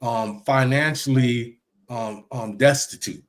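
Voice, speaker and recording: A man hosting a casual discussion, reading from his notes and often pausing with ums and restarts. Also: medium pitch. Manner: hesitant, many ums and restarts.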